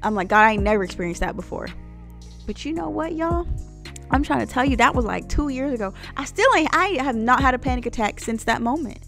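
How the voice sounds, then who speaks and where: A woman's voice: sits high, animated, fairly quick, vocal fry, a bit bright, faint music behind. A woman telling her own story to viewers in an earnest, preachy vlog, speaking to them directly. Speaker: Christian vlogger. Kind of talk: personal testimony vlog.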